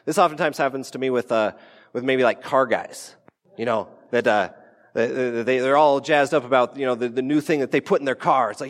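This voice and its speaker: A man's voice: medium pitch, lively intonation, normal speed. Guy pastor giving a sermon, casual and jokey, acts out little quotes, big church reverb. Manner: conversational, playful asides, acts out quotes. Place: church sanctuary. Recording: church hall with long reverb.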